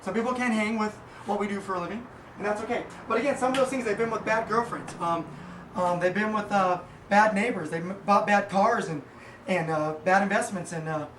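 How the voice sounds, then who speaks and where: A man's voice: sits high, a bit bright. Rambling man in an echoey room. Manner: rambling and halting, with many fillers. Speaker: podcast host and small business owner. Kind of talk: casual motivational monologue. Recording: echoey room, distant mic, faint noise.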